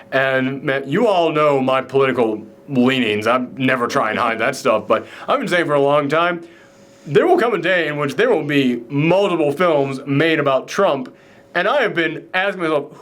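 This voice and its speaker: Dude gushing about a movie, kinda high voice, rambly with lots of ums and uhs. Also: male voice, fairly quick, fairly bright tone. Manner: enthusiastic, rambling, many fillers and restarts. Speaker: film review show host. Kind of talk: casual movie reaction chat.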